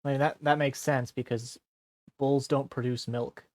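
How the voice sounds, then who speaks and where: A man streaming a role-play, talking in a dry, teasing, deadpan way. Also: mid-range voice, moderate pace, no echo.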